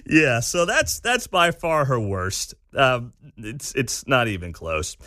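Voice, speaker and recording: A man hosting a talk radio show, giving animated, sarcastic commentary from a studio. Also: medium pitch, slow, no room sound.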